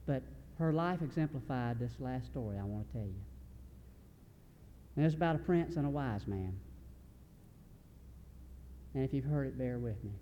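A man's voice: medium pitch, animated, normal speed, long pauses, lo-fi sound, slight background noise. A man preaching a sermon in a large hall. He speaks earnestly in a folksy way and often restarts his sentences. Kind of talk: sermon storytelling.

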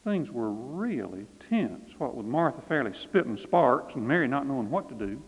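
A man, a pastor, telling a story in a folksy, animated way. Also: on the high side, husky. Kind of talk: storytelling narration. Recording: phone-like reverberant recording.

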